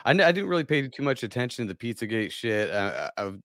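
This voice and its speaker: A man's voice: mid-range voice, very animated, fast talker, fairly bright tone, no echo, clean studio sound. A man hosting a casual podcast chat, reacting in short profane bursts.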